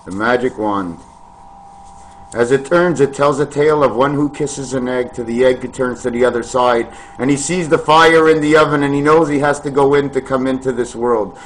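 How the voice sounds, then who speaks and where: A man vlogging in a meandering, free-associating monologue to camera, with sudden loud bursts. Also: medium pitch, normal speed, a little hiss or hum.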